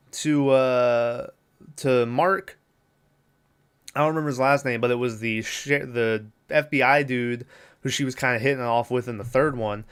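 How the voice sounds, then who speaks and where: Smooth-voiced man casually recapping a movie. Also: mid-range voice. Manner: casual, profane, retells scenes with quoted lines. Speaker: podcast host.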